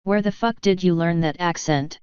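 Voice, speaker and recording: A woman's voice: fairly low pitch, normal speed, a little mellow, clear, resonant tone, dry recording, close to an everyday voice. A woman voicing a blunt, growling human war veteran in a dull lo-fi recording. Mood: gruff.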